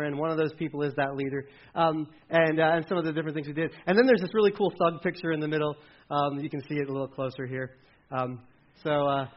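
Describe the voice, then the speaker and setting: A man in his forties preaching through a rambling personal story, correcting himself often and acting out quotes. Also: on the high side. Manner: rambling, self-correcting, acts out quotes with raised voice. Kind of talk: anecdotal sermon storytelling. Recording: dull lo-fi recording.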